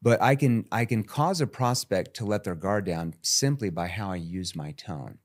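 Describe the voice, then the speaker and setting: A man with a low, fairly deep speaking voice talks through sales tactics in a podcast interview. He breaks into animated role-play, acting out callers and salespeople. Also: normal speed. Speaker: sales trainer, podcast guest. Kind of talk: energetic interview talk with acted sales calls.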